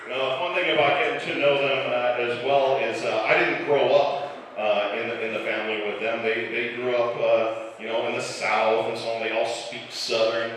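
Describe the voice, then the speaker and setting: A stand-up comedian in his forties from the Chicago area with a slightly softened Chicago accent, telling self-deprecating stories in a dry way with filler pauses. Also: medium pitch, steady tone, far from the mic, a little hiss or hum. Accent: Chicago, mostly softened. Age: 40s. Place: live comedy club stage. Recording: echoey club hall, mic heard from afar.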